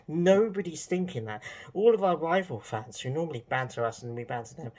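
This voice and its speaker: A man's voice: fairly high pitch, animated, fairly quick, a little mellow. A man, a football fan vlogger, ranting casually in an exasperated, sarcastic way, rambling with plenty of fillers.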